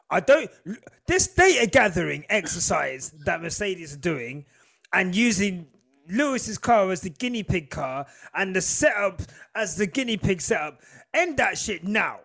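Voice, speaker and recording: A British man co-hosting a podcast, chatting in an animated way and often breaking into laughter. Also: sits high, unhurried, gravelly. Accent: British English. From Britain. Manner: animated, laughing, mimics voices. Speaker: podcast co-host. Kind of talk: casual chat.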